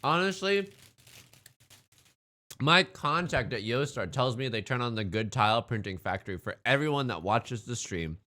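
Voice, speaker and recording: Chatting on a live stream, this man has a medium-pitched, bright and forceful voice with lively intonation and a moderate pace. He's upbeat, welcoming chatters by name as he eats and talks.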